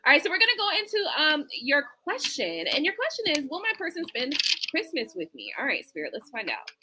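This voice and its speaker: A woman doing a casual live-stream tarot reading, chatty and animated with laughing asides. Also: sits high, fairly quick, very noisy. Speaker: tarot reader. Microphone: streaming setup mic.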